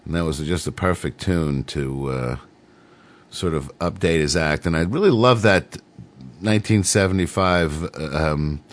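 A man's voice: sits low, unhurried. A middle-aged man hosting a radio show, rambling casually between songs with lots of fillers. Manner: rambling, laid-back, many fillers.

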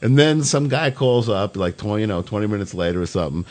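A man's voice: on the low side, lively intonation, quick pace, darkish tone. A man in his fifties telling rambling stories in casual radio chat, swearing freely. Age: 50s. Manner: profane, rambling storyteller. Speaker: podcast host.

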